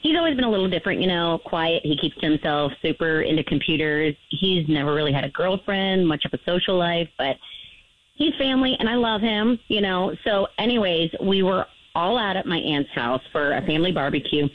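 A woman's voice: on the low side, fairly quick, no room sound. A tearful woman in her late twenties, calling in to a radio show over a thin, tinny phone line. She rambles, keeps apologizing, and cries as she talks. The sound is dry and close. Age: late 20s. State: crying. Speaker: caller. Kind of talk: radio call-in confession.

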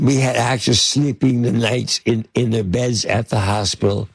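A man's voice: mid-range voice, steady tone, moderate pace, creaky, husky, no room sound. An older man, a film producer, telling rambling anecdotes in an interview with many fillers and restarts. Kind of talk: casual anecdotal storytelling.

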